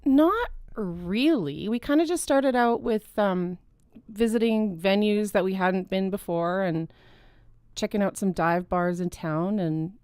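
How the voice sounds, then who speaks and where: A woman's voice: medium pitch, unhurried, a little mellow, smooth, dry recording, studio quality. A woman who hosts a podcast, appearing as a guest and chatting in an easygoing way with fillers. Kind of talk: casual interview chat.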